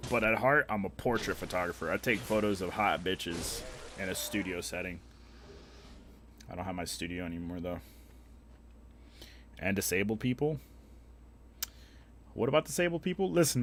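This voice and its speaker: A man's voice: low voice, slight background noise. A young man chatting casually on a live stream, joking crudely and swearing as he answers chat.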